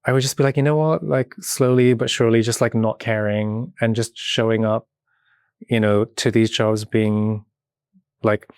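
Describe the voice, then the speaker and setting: A man with a British accent, chatting as a podcast guest in an animated, playful way. He laughs often and fills his talk with casual filler words. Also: lowish voice, measured pace, clear, resonant tone, no room sound, studio quality. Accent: British English. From Britain. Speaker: podcast guest, movement artist. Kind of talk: casual chat.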